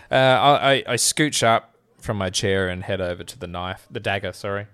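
A man playing in a tabletop game, speaking in a low voice with a bright, sharp edge. He sounds dry and exasperated and swears freely. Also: normal speed, clean tone. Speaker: player.

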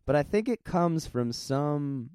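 A man's voice: fairly high pitch, lively intonation, slow, warm tone, smooth, dry recording. A man co-hosting a podcast in casual chat, rambling and self-deprecating, laughing often and swearing freely. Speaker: podcast co-host.

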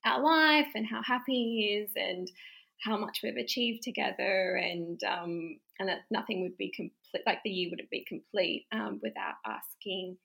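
A woman's voice: medium pitch, normal speed, vocal fry, poor audio. A young woman telling an interview story casually, acting out quotes with lots of laughter. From Australia. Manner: animated, acts out quotes with laughter. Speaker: interview guest.

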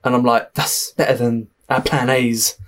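A young man with an Essex accent, a film director chatting in a podcast interview, telling lively stories with laughs and the odd swear. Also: medium pitch, normal speed. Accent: Essex English. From Essex, England.

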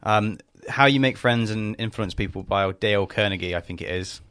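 A man's voice: lowish voice, normal speed, a bit bright, smooth, no echo, clean studio sound. A young man co-hosting a podcast in casual chat, blunt and laid-back, swearing freely. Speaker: podcast co-host, business owner.

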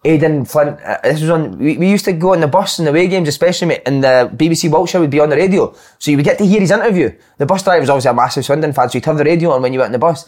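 A Scottish former footballer hosts a casual football podcast with animated, sweary stories. His voice sits a little high and he rattles the words out quickly. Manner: animated storyteller, swears freely.

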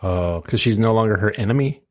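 A man's voice: on the low side, brisk. A man co-hosting a podcast, answering his partner with short, wry reactions and questions. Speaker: podcast co-host. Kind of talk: casual chat.

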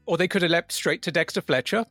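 High-voiced man, wry podcast co-host. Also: fast, pushed and bright, dry recording, soft background music. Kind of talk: casual podcast chat.

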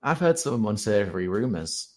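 A man narrating as game master of a tabletop role-playing podcast, playful and animated. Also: lowish voice, normal speed.

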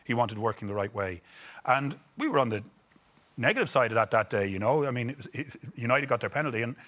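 A man's voice: medium pitch, expressive, fast, fairly bright tone. Rambling Irish man telling stories. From Ireland. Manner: rambling, repeats words, acts out quotes. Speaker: guest, former footballer. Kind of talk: casual storytelling interview.

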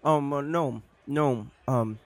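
A man playing a tabletop game in character as a nervous highborn, stuttering and hesitant. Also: slow pace. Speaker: player.

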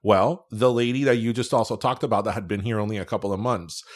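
A man's voice: lowish voice, steady tone, fast. Forties Miami-accented man, easygoing and reflective podcast host, laughs often. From Miami, Florida. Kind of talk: casual podcast chat.

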